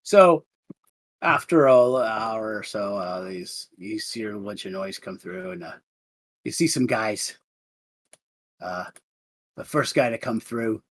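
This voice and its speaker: Rambling game master with a lively voice. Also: male voice, lowish voice, slow, creaky, long pauses. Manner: rambling, full of fillers. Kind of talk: narrating a tabletop game.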